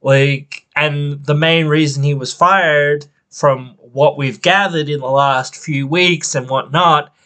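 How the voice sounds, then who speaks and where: A man's voice: fairly high pitch, steady tone, slow, few pauses, a bit bright. Ranting podcast host, a man. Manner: ranting, frustrated, rambling. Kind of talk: casual opinion podcast.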